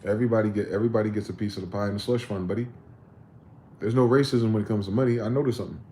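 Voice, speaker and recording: Male livestream host, low mellow voice, rambling profane commentary, faint noise behind. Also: fairly even intonation, racing.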